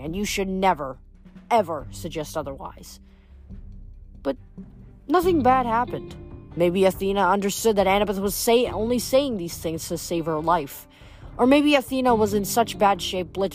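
A woman reading a novel aloud, plainly and with small slips and restarts. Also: fairly low pitch. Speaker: reader.

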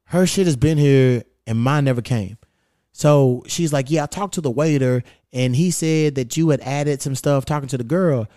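A man hosting a podcast, telling stories in a profane, animated way with quoted back-and-forth. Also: medium pitch, normal speed, no echo, studio quality. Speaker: podcast host. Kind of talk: casual chat, storytelling.

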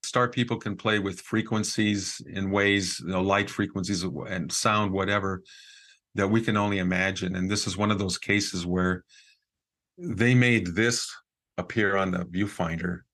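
Low-voiced man telling a story. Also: a little slow. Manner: lively storyteller with frequent fillers and quoted dialogue. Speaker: podcast guest. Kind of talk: casual storytelling.

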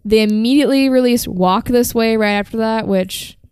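Brief: podcast host, woman, clear and smooth, dry mic, profane and chatty. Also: on the high side, normal speed, darkish tone, no room sound. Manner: chatty, profane, uses fillers like "like" and "um". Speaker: podcast host telling a band history. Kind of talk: casual storytelling chat.

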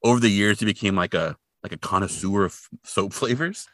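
A man hosting a podcast, casually recapping a movie as an animated storyteller who acts out the characters. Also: on the low side, fairly quick, no room sound, clean studio sound. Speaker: podcast host.

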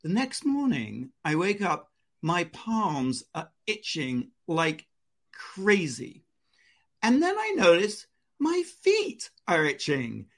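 A man co-hosting a casual chat show speaks slowly in a high voice. He tells a personal story as an animated storyteller, acting out the quotes.

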